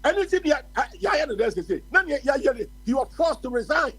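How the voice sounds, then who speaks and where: A Ghanaian man delivers heated radio commentary, mixing Twi with English. His voice sits high and swoops widely, and it has a husky edge. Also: expressive, a little fast, a bit bright, rough recording. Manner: impassioned, ranting. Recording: radio phone-in stream.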